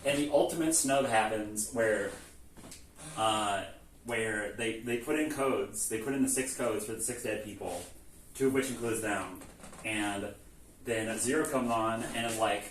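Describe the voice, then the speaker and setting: A man casually retelling a game's story, acting out the characters' lines in an animated, profane way. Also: lowish voice, measured pace. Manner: animated retelling, acts out characters' lines with frequent swearing and laughs. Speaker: presenter recapping a video game plot. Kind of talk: casual comedic lecture. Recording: echoey room, distant mic, faint noise.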